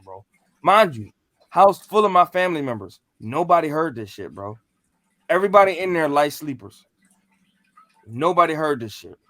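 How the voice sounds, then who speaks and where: Casual male podcast storyteller, slangy and animated, cursing freely, dry close recording. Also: a little high, dry recording. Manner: animated, profane, slangy, acts out what he said. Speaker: podcast co-host telling a ghost story.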